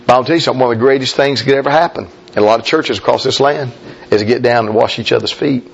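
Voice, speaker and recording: A man's voice: racing, creaky, lo-fi sound, slight background noise. A man preaching a folksy, emphatic sermon as a pastor, talking straight to his congregation. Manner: folksy, emphatic preaching, mimics objectors in a high voice.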